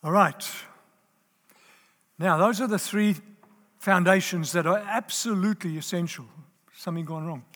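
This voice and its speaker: A man with a high-pitched, slightly bright voice preaches a sermon to a live audience at a moderate pace, leaving long pauses. He speaks emphatically, repeats his key phrases, and checks that listeners are still following. The large hall gives the recording a long reverb.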